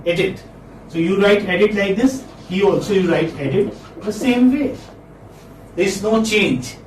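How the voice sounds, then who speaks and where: A man's voice: sits high, unhurried. A man teaching English phonetics in a classroom lecture, saying words again and again and quizzing his students. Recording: echoey classroom, distant mic, faint noise.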